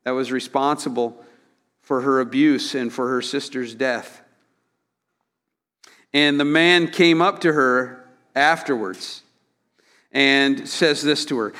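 A man preaching a sermon in an earnest, emphatic way, with sudden loud peaks and frequent restarts. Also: mid-range voice. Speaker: pastor.

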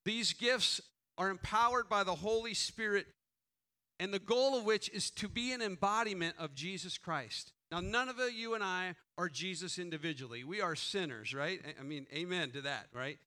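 Man preaching as pastor: high-pitched, bright, earnest delivery with repeated questions. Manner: earnest, rhetorical questions, frequent restarts; prays quietly and slowly. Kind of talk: sermon.

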